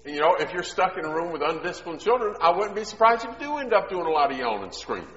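A middle-aged man preaching a sermon, telling homely stories in a conversational way that swells into loud, emphatic preaching. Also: fairly high pitch, big pitch swings, racing. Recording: echoey hall, dull sound.

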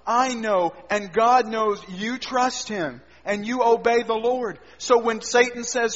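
A man preaching a sermon, swinging between loud emphatic lines and quiet low asides. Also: sing-song, unhurried, few pauses. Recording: dull sound with long hall reverb.

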